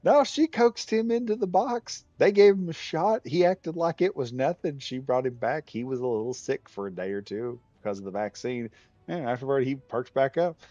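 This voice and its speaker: A man's voice: mid-range voice, animated, normal speed, mellow, no room sound. Streamer guy telling a story, laughs a lot, kinda muffled dry mic. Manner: laughing, rambling, down-to-earth. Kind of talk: casual storytelling chat. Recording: dull dry lo-fi sound.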